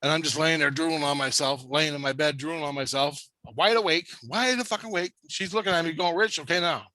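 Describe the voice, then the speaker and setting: In a fairly high, pushed and bright voice, a man talks quickly and intensely through a meandering account of a spirit-world encounter, cursing nonstop in casual conversation. There's no echo on the recording.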